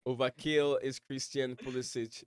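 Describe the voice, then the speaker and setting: A man's voice: mid-range voice, little pitch movement, moderate pace, clean tone, no room sound. A man from West Africa with an accent blending West African and American, hosting a casual fan livestream at home and reading viewer messages in a rambling way, with many fillers and repeated words. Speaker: livestream host.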